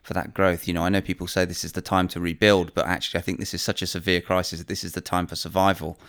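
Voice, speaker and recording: A deep-voiced British man co-hosts a relaxed chat. His voice is gravelly yet smooth. He muses aloud, often hesitating and starting over, and sounds close and dry. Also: quick pace, no room sound. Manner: musing, hesitant, with restarts. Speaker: podcast co-host, professional golfer. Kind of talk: casual chat.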